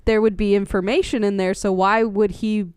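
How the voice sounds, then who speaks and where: A woman's voice: mid-range voice, little pitch movement, normal speed, a little mellow, clean tone, no room sound, clean studio sound. A young adult woman co-hosting a podcast, talking easily about a film and quoting its characters. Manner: easygoing, quotes characters, laughs. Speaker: podcast co-host. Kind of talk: casual film discussion.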